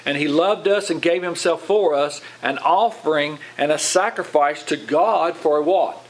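A man's voice: a little high, normal speed, low-quality recording. Man teaching Bible with questions. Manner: informal, asks congregation questions, repeats words. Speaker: pastor.

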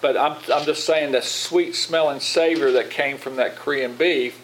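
A man's voice: fairly high pitch, normal speed, fairly bright tone, slight background noise, rough recording. A man preaching to his congregation in a loose, conversational teaching style, often asking them questions and repeating his words as he goes. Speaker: pastor.

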